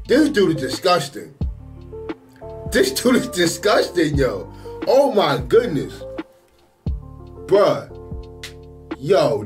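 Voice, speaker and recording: A man hosting a sports reaction video, exclaiming over football highlights in an excitable, slangy way.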